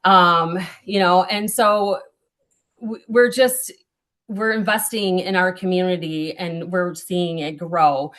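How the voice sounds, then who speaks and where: A woman's voice: lowish voice, steady tone, slow, fairly bright tone. A woman mayor giving prepared remarks at a town hall, earnest, with frequent ums and small self-corrections.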